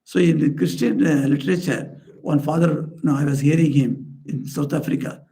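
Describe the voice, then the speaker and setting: A man's voice: steady tone, moderate pace, mellow. A man, a swami telling parables in an earnest sermon, raising his voice for the characters he quotes. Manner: earnest storyteller, lifts pitch for quoted characters. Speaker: swami giving a spiritual talk. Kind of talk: storytelling sermon. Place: society house room.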